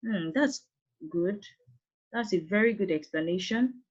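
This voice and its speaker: A woman's voice: mid-range voice, lively intonation, unhurried. A woman with a Nigerian accent teaching secondary school English over an online call, patient and coaxing as she calls on students by name. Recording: dull lo-fi online call audio.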